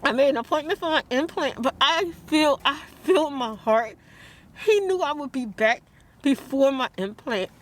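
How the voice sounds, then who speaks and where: A woman vlogging in a heated, tearful rant, talking fast and quoting others. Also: high voice, animated. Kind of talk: emotional vlog rant.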